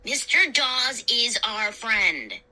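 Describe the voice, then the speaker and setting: A woman's voice: sits high, very animated, normal speed, bright, forceful tone, husky, pitched above the performer's own voice, heavily acted, poor audio. Woman doing a stubborn, insistent boy.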